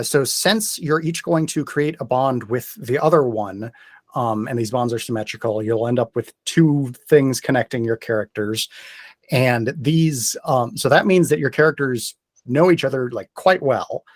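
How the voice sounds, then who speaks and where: A male game master explains rules in a careful, hesitant, methodical way. His voice sits at a middle pitch for a man. The sound is dry and close, with little room. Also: measured pace, no room sound.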